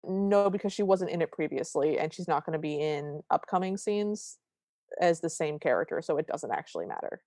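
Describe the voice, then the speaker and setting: On a podcast, a female co-host with a lower voice recaps a movie in a casual chat. She talks briskly and animatedly, quoting lines, and the sound is studio quality with no echo.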